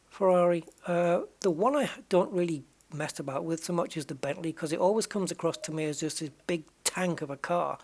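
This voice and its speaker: Rambling man musing over a racing game. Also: a little high. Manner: rambling, musing and self-correcting. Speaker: gaming channel host. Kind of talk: casual commentary while playing a racing game.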